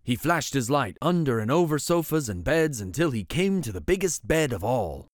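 A man's voice: medium pitch, sing-song, normal speed, dry recording, clean studio sound. A man hosting a show and reading a bedtime picture book aloud, telling the story with voices. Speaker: host and story reader.

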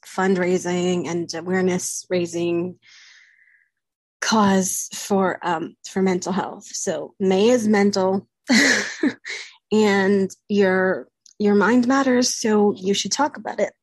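Woman vlogger, husky and breathy, candid confessional to camera, dry close sound. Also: mid-range voice, no room sound. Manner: candid, halting, with frequent pauses and fillers. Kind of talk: personal confessional talk to camera.

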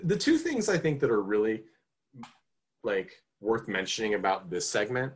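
A man co-hosting a podcast, reviewing a film in casual chat, rambling with many fillers and restarts and getting animated. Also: mid-range voice. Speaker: podcast co-host.

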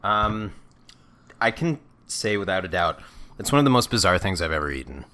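Goofy man with a low, lively voice. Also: moderate pace. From New York. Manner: goofy, loud outbursts. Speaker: podcast co-host. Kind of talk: casual chat.

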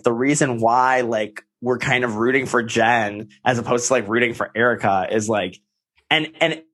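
A man co-hosting a podcast, talking in an excitable, chatty way and laughing often. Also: mid-range voice. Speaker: podcast co-host. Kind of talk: casual chat.

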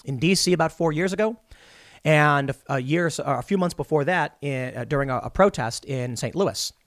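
A man's voice: fairly high pitch, normal speed, a bit bright, no echo. Blunt man giving commentary, dry sound. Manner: blunt, talks straight to the viewer with a personal take; retells events by acting out quoted dialogue. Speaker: political commentator. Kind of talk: opinionated commentary monologue.

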